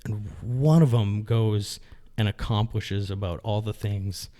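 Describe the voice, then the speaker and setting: A man's voice: lowish voice, steady tone, unhurried, mellow. A man musing in casual podcast chat, leaning on fillers like "you know".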